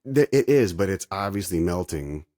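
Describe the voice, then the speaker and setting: A man's voice: sits low, animated, normal speed, mellow, dry recording, clean studio sound. A man hosting a casual chat, ranting in a profane, sarcastic way. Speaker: podcast host.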